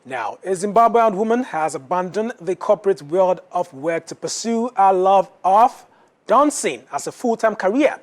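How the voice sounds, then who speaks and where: A woman's voice: medium pitch, lively intonation, moderate pace. A woman presenting a news programme with polished scripted delivery.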